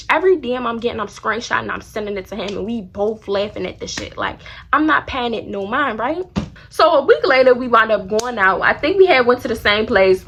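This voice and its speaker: Young woman, high voice, blunt and profane storyteller for a vlog. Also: a little hiss or hum. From Baltimore area. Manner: animated, blunt, slangy and profane. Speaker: vlogger.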